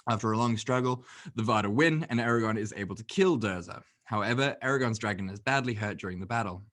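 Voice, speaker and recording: A man co-hosting a movie podcast, recapping a film plot in casual, animated chat and swearing freely. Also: on the low side, fast. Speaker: podcast co-host.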